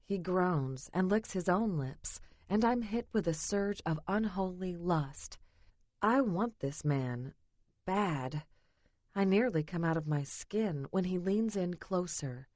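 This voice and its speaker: A woman reading a first-person romance audiobook in an intimate, breathy way. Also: fairly low pitch, animated, slow, darkish tone, no echo. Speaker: audiobook narrator.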